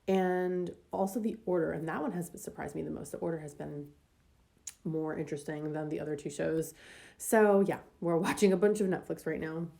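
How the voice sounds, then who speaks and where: Low gravelly-voiced woman chatting casually. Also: moderate pace, mellow. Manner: chatty, rambling, many ums and likes. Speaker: planner vlogger. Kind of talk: casual planner decorating voice-over.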